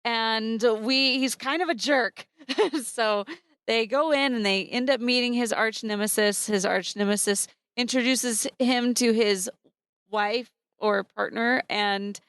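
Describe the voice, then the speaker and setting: A woman's voice: on the high side, slow pace, clean tone, no room sound, clean studio sound. A woman co-hosting a podcast, chatting casually in an underground parking garage and animatedly retelling a film's plot. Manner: animated retelling, acts out characters' lines. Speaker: podcast co-host. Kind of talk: casual movie review chat.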